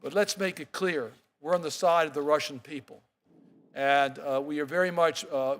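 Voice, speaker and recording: A man who is a senator, giving a formal opening statement at a hearing, slightly halting. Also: a little high, fairly bright tone. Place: hearing room.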